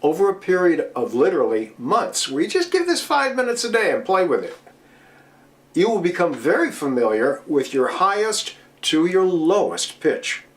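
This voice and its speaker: A man's voice: sits high, sing-song, normal speed. A middle-aged man teaching voice technique, explaining patiently and demonstrating with his own voice. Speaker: voice coach speaking to DJs. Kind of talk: instructional talk at a virtual convention.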